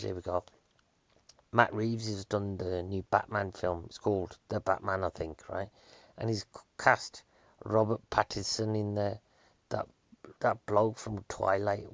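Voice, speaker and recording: A man hosting a casual solo podcast, rambling with jokey deadpan asides. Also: lowish voice, creaky, dry recording, dull audio. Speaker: podcast host.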